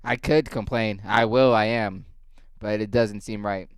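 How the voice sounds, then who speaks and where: A man's voice: lowish voice, fairly even intonation, a little slow, smooth, no echo. A male comedian delivering a casual, rambling monologue, wry and full of profanity. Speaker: comedian and podcast host.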